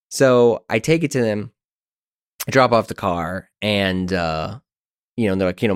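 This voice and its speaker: A podcast host in his thirties with a low-pitched voice, talking loosely through a long story. He is animated and quick to poke fun at himself. The sound is dry and close. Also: clear, resonant tone, no echo. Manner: animated, self-deprecating, rambling. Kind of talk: casual storytelling monologue.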